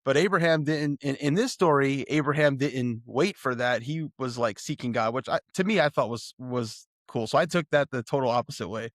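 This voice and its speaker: Man pressing for clear answers. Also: medium pitch, normal speed, hardly any pauses, no echo, studio quality. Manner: probing, asks pointed clarifying questions. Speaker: podcast co-host. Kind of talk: casual faith discussion.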